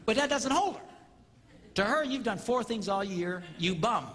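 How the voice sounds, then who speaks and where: A man giving a comedic marriage seminar to a live audience, acting out spouses' reactions in an animated, joking way. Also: high-pitched, normal speed. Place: large hall with live audience. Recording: reverberant hall with audience noise.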